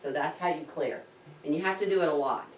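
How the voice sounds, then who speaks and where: A woman casually telling a personal story to camera, animated and acting out her own gasps of panic. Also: low voice, brisk, distant mic, a little hiss or hum. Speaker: diving vlogger recounting her scuba course. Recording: roomy echo, speaker set back from the mic.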